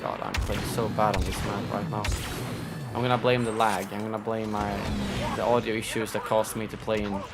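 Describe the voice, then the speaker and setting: Loud music sits behind this streamer's lowish, flat voice as he talks a little fast during a live shooter session. He chats casually, thinks out loud, gripes about how he's playing, and thanks donors, with background noise clearly present.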